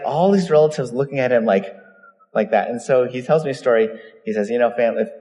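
A man preaching a sermon, telling stories and acting out the voices he quotes. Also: fairly low pitch. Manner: storytelling, animated, acts out quoted voices. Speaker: pastor. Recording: long reverb of a large hall.

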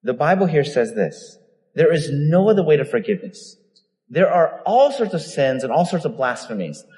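A man's voice: a little high, normal speed. Man preaching in a reverberant hall. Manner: storytelling, animated, acts out quoted voices. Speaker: pastor. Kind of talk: sermon. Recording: long reverb of a large hall.

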